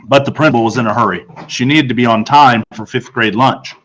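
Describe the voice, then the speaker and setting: A male teacher reads a children's novel aloud. His voice sits at a middle pitch. He keeps the narration steady and quickens through the tense passages. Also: slight background noise, low-quality recording. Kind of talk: read-aloud storytelling.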